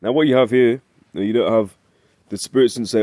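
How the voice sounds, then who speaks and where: Man, Bible teacher, casual chat, keeps asking "right?", mellow tone, dry sound. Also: medium pitch, moderate pace, no echo. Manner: reads scripture in old-fashioned wording. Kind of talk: casual Bible study talk.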